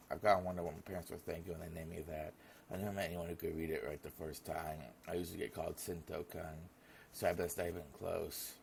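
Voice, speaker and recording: Low gravelly young man reading a game. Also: slight background noise. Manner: casual, stumbling over names. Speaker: gamer reading a visual novel aloud. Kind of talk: reading game text aloud.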